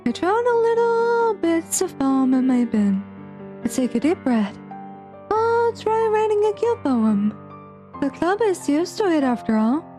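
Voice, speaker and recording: A woman voicing a despairing teenage girl from a visual novel, soft and slow, breaking into cries. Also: extremely high pitch, very animated, soft background music, pitched above the performer's own voice, full character voice. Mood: sad, tearful. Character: despairing teenage girl, tearful and self-doubting. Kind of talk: reading a visual novel aloud.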